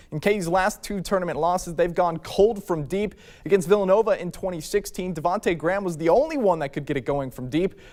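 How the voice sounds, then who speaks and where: A man's voice: high voice, darkish tone. A man hosting a sports preview show, reading a scripted, upbeat introduction.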